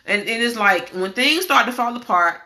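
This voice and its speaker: Lady giving a preachy pep talk, kinda gravelly, drawls and repeats herself. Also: on the high side, expressive, normal speed, pushed and bright. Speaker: host. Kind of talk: casual inspirational talk.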